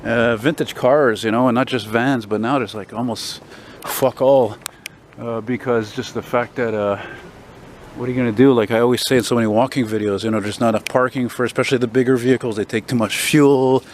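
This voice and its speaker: A man's voice: medium pitch, steady tone, a little fast. Rambling, opinionated older man walking outdoors. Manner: rambling, opinionated, self-described loudmouth. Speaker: walking vlogger. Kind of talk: casual walking commentary. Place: city street outdoors, walking. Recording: street noise behind.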